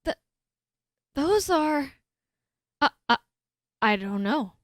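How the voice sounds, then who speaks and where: A timid, flustered male scientist, voiced by a woman reading a game stammers and hesitates, apologizing quietly. His high voice comes out slowly. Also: very animated, dry recording, studio quality, heavily acted.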